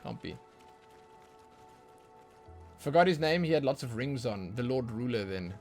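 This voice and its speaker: Guy streaming a game, rambly chat with viewers, trips over his words a lot, gets hyped now and then, soft music in the back. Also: medium pitch, measured pace. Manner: rambling, stumbles and repeats words; bursts of excited enthusiasm. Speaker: livestreaming gamer. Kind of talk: casual livestream chat.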